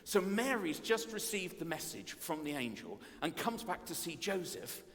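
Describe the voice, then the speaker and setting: A man preaching at a playful family service, animated and self-mocking as he tells the story. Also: on the high side, normal speed. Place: church. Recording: long reverb of a church hall.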